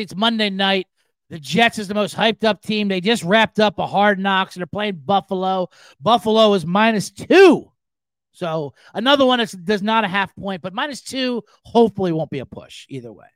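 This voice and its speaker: A man's voice: high-pitched, normal speed, no echo. A man hosting a sports-betting podcast, ranting casually and swearing freely. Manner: animated, profane, ranting. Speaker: podcast host.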